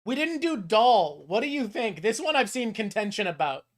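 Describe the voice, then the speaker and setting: A woman's voice: a little high, very animated, normal speed. A woman hosting a stream, chatting casually, opinionated and rambling as she ranks things. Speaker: streamer host. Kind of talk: casual chat ranking topics.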